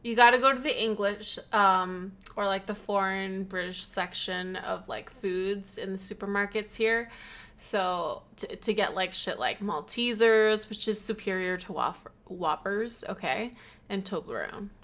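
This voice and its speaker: A woman chatting casually as a stream co-host, reacting quickly and chiming in with her own tangents. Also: medium pitch, fairly bright tone. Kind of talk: casual chat.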